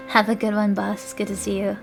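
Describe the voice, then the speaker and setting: A woman's voice: mid-range voice, little pitch movement, a little slow, vocal fry, music in the background. A young woman streamer reading a fanfic aloud with mock drama, stumbling over words and chatting casually.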